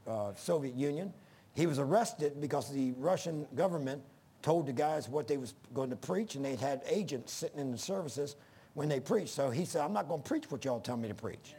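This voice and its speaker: A man's voice: fairly high pitch, creaky, warm tone, breathy edge. A middle-aged man preaching a sermon in an earnest, folksy way that rises to emphatic bursts.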